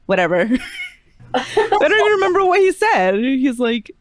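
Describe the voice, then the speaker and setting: A woman's voice: high-pitched, wildly swooping pitch, measured pace. A woman co-hosting a podcast, chatting casually and dramatically, with Spanish slipping in. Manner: dramatic, laughing, sprinkles Spanish. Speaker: podcast co-host. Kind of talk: casual chat.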